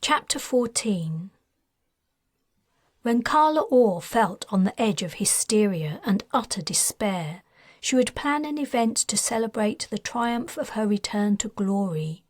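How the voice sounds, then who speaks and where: A woman reading her own science fiction novel aloud in a measured, even audiobook narration. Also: mid-range voice, no room sound, clean studio sound.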